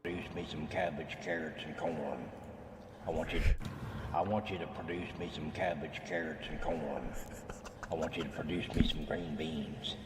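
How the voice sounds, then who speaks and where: A man's played voice message, repeating the same demand over and over in a flat, insistent way. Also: a bass voice, normal speed, very noisy. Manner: monotone, insistent repetition. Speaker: viewer voice message. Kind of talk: played voice command. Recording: echoey distant clip with music.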